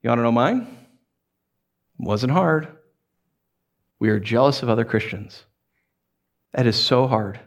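A man in his thirties preaching a sermon as pastor, animated and joking as he tells stories. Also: medium pitch, a little slow, pauses often, lo-fi sound. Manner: animated, jokey storytelling with laughs.

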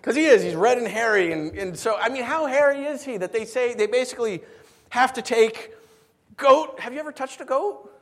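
A middle-aged married man preaching a sermon, animated and rhetorical with a humorous streak. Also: very high voice, normal speed. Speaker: pastor.

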